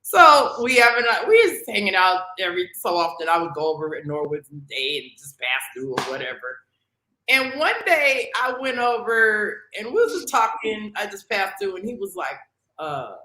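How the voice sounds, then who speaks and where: A woman, a guest on a talk show, telling a story in a casual, animated way and acting out the dialogue. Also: a little high, moderate pace, reverberant, poor audio. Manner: animated, acts out quoted dialogue.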